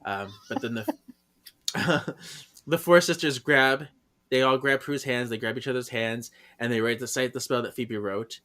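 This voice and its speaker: A man co-hosting a podcast, recapping a story in casual chat, giggling often and acting out the characters' lines in quick high voices. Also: bright, forceful tone. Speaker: podcast co-host.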